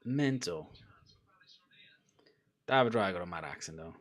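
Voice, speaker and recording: Excitable young man, lively watchalong chat. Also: sits low, measured pace. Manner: excitable, laughing, loud outbursts at chances. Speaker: football fan streamer.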